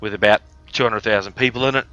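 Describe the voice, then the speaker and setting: This Australian man from the outback has a lowish voice, fairly even intonation, and a fast, sharp delivery, with the high frequencies cut off. Coughing at times, he tells a rambling, crude, joking story on a live stream as casual storytelling.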